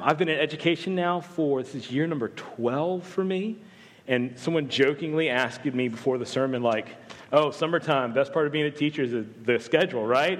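A man's voice: mid-range voice, in a large hall. A man from the American South, a campus pastor, giving a humorous, conversational sermon full of self-deprecating asides. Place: church sanctuary.

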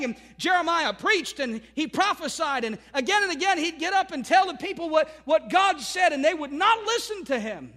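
A man's voice: extremely high pitch, lively intonation, normal speed, few pauses, bright, forceful tone. A man preaching a sermon as pastor, building his points through emphatic repeated declarations.

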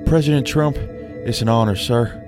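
A man's voice: medium pitch, normal speed, over music, voice pushed up, natural voice. A man voicing a stammering young woman agent. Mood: nervous. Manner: stammering, hesitant. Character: young woman FBI agent, nervous and dutiful.

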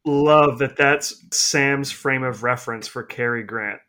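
A man's voice: medium pitch, measured pace, sharp tone. A man co-hosting a casual film podcast, talking in an easygoing, thoughtful way. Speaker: podcast co-host.

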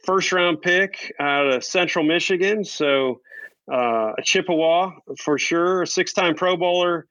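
A man's voice: sits high, measured pace, fairly bright tone, dry recording, low-quality recording. A man co-hosting a casual sports podcast, talking in a playful, teasing way and laughing often. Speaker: podcast co-host.

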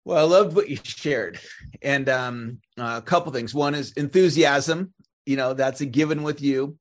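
A man co-hosting a sales podcast, speaking in a measured, reflective way with a few fillers. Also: mid-range voice. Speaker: sales trainer, co-host. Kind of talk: podcast conversation.

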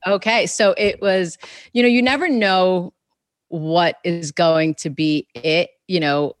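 Woman, children's author guest, low voice, rambling casual speech, close dry sound. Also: slow pace, no echo. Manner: rambling, full of "like" and "you know"; reenacts conversations in quotes. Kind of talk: casual interview chat.

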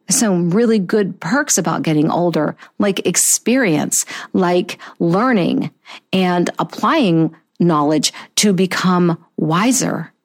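A woman in her fifties hosting a motivational talk show, earnest and encouraging, slowing down to stress key phrases. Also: on the low side, animated. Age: 50s. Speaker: podcast host.

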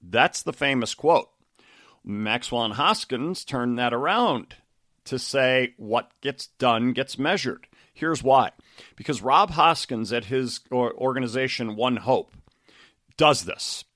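A man's voice: mid-range voice, lively intonation, slow pace, a bit bright, dry recording, studio quality. Chatty middle-aged man talking over a book. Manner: rambling, many fillers and restarts. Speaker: podcast host and coach. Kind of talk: casual book discussion.

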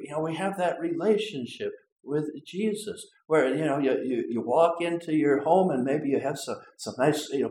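A man pastor preaching a sermon in an Upper Midwest American accent, conversational, full of fillers and "right?" tag questions. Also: mid-range voice. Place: church sanctuary. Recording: echoey church with faint ambience.

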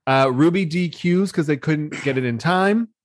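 A young man with a slightly high voice chats through a reality-show recap. He laughs often and acts out what people said. The recording is close and dry. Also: normal speed, no room sound. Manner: chatty, laughs often, acts out quoted lines. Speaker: podcast co-host. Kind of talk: casual chat recapping reality TV.

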